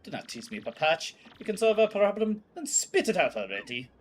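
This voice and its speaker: A man's voice: sits high, very animated, a little fast, slight background noise, voice pushed up. A man voicing a pompous, flamboyant male ship owner who speaks in a grand, theatrical manner. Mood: grandiose.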